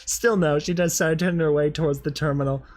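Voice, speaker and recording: A high-voiced man reads a story aloud and breaks off to comment on it. He laughs often and cries out in mock dismay at what he is reading. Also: steady tone, a little fast, a little mellow. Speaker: reader and commentator. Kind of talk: fan fiction reading with commentary.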